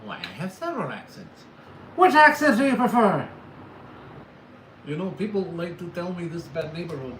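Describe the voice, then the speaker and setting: A man's voice: on the high side, a little hiss or hum. A man from California hosting a casual livestream, rambling and joking with his chat. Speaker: livestream host. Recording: echoey room with faint ambience.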